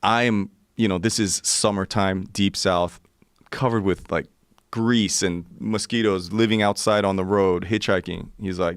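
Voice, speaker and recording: A man's voice: low-pitched, steady tone, unhurried, no room sound, studio quality. A man in his forties telling a profane, vivid story as a podcast guest. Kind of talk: casual storytelling.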